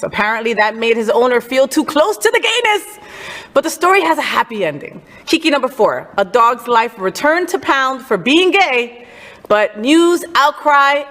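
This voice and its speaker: A woman's voice: on the high side, a bit bright, long reverb tail. A woman hosting a casual entertainment news chat, sassy and outspoken. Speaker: host.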